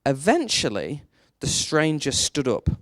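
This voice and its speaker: A young man delivers a sermon in a slightly high voice, recorded close and dry. He tells his stories steadily and throws rhetorical questions at his listeners, his pitch leaping upward whenever he drives a point home. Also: a little slow, no room sound. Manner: storytelling, animated, rises sharply for emphasis. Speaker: preacher.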